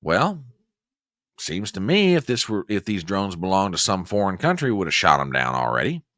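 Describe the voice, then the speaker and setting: A man's voice: deep voice, big pitch swings, normal speed, a bit bright, dry recording, clean studio sound. A man hosting a casual news commentary livestream, folksy and chatty as he talks straight to his viewers. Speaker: host.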